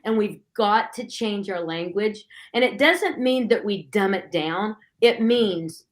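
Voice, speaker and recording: A middle-aged woman speaking as a guest on a Christian talk show, telling stories in an animated way and acting out the voices she quotes. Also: medium pitch, a little slow.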